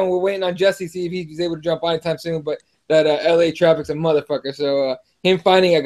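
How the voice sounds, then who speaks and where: A man's voice: on the high side, a little mellow. A man hosting a live podcast-style fight show, talking loosely, swearing and stumbling over his words. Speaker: podcast host. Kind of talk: casual live show chat.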